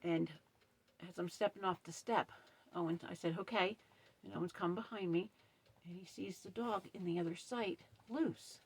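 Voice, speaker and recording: A middle-aged woman camp host in a casual vlog, upset and shaky, talking emphatically in a dark trailer. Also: lowish voice, steady tone, normal speed, breathy edge. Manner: upset, emphatic, retells quarrel with stern quoted lines. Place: dark trailer at night with ring light.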